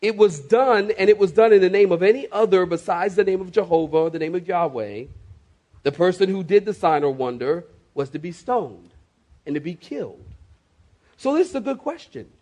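A man's voice: sits high, animated, normal speed, darkish tone. A man preaching a sermon as pastor, emphatic and calling for responses from the congregation, with swift asides.

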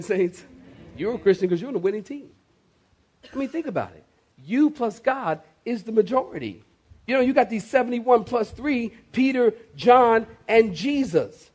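A man's voice: high-pitched, a little mellow. A man preaching a sermon as pastor, emphatic and calling for responses from the congregation, with swift asides.

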